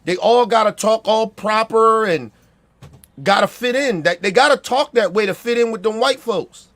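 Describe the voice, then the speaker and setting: A man's voice: sits high, normal speed, fairly bright tone. A man with a Baltimore accent giving a blunt, profane opinion rant, repeating himself and checking that listeners agree.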